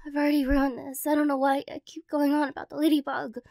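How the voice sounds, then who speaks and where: Very high-voiced woman in whispered role-play. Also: level tone, fast, gravelly, no echo, studio quality. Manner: soft, rambling, self-conscious and emotional. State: teary after crying. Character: tearful ex-girlfriend woman, lovesick and flustered. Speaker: ASMR role-play performer.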